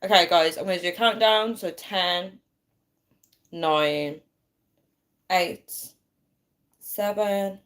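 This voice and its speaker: A woman's voice: lowish voice, big pitch swings, very slow, pauses often, a bit bright. A young woman chatting casually to viewers on a phone livestream, laughing often and thanking them.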